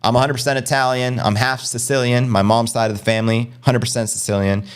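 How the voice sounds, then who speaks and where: A middle-aged American man hosting a casual crypto livestream, energetic and slangy, reading and answering viewer comments. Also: medium pitch, clean tone. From United States. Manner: energetic, fast-paced, slangy.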